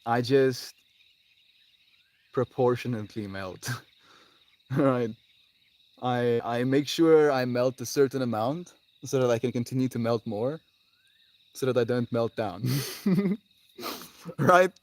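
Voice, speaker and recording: Man, live streamer, mid-range voice, dreamy, heartfelt, sighs and laughs, trailing quiet phrases, crickets in the background. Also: medium pitch, dry recording. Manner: drawn-out pauses, often trailing off quietly. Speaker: livestreamer. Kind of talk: live stream chat with viewers. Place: outdoors with birds audible.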